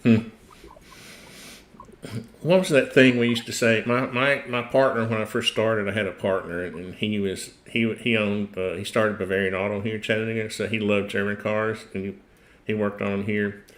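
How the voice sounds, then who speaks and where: Rambling Tennessee man, low voice. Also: level tone, normal speed, a bit bright. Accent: Tennessee Southern US. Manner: rambling and chuckling, trails off mid-sentence. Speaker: host. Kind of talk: casual livestream chat.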